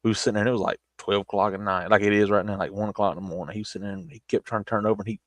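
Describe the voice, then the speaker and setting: A man's voice: fairly low pitch, steady tone, rapid-fire, dry recording. A man with a Southern US accent telling a long casual story on a stream, rambling with restarts.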